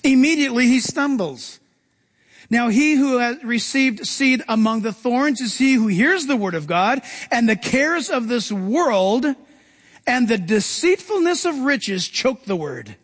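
A man preaching with a very high voice, reading scripture and breaking into playful acted-out lines. His voice carries a long reverb, as in a large hall. He swings from soft, low asides to bright, excited bursts. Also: a little slow. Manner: animated preacher, acts out Bible voices with big pitch jumps. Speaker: pastor. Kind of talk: sermon.

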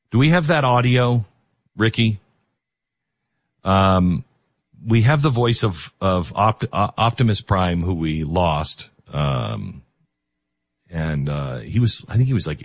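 A man's voice: sits low, no echo. A man hosting a talk radio show, speaking in an emotional, emphatic way.

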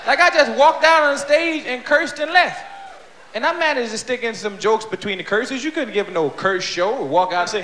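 Brash high-voiced stand-up comic. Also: male voice, expressive, normal speed, bright, forceful tone, echoey room, a faint crowd. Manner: brash, profane, heated. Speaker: stand-up comedian. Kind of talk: stand-up routine. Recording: noisy live stage recording. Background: audience.

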